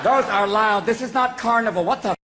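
A man riffing as a comedian in a live interview, rapid-fire and jumping between funny voices. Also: high voice, reverberant, background noise. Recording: live audience recording with loud laughter.

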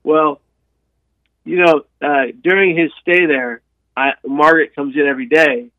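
A man recounts his story for an interviewer, animated and full of restarts and repeated words. His voice sits a little high. The sound is dry and thin, like a phone line. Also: normal speed, no room sound. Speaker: guest sharing his life story.

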